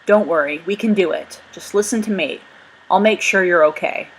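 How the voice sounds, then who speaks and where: A woman's voice: mid-range voice, moderate pace, a little hiss or hum, natural voice, rough recording. A woman voicing a brave young male explorer who speaks earnestly and reassuringly.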